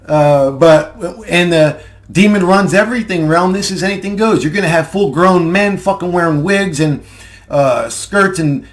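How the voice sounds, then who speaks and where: Young man, high voice, rambling profane monologue, sarcastic and heated. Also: moderate pace. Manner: heated, profane, sarcastic, laughs mid-sentence. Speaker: conspiracy video ranter.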